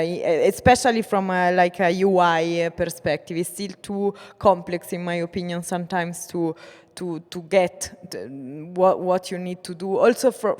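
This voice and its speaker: A woman moderating a conference panel, asking her questions hesitantly with many pauses and filler words. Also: on the low side, darkish tone, clean tone. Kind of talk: panel discussion. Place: conference stage. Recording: echoey conference hall.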